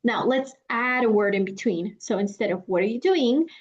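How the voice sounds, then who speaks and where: A young woman with a Mexican Spanish accent teaching a lesson, speaking clearly and deliberately and drawing out her example phrases. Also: on the high side, expressive. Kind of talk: explanatory lesson. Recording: dull lo-fi sound.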